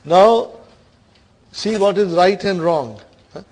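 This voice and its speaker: A man with a South Asian English accent and a fairly high, slightly mellow voice teaches Quranic Arabic grammar in a classroom lesson. He reads verses quickly, then explains slowly in English, often asking "are you with me, brothers and sisters?"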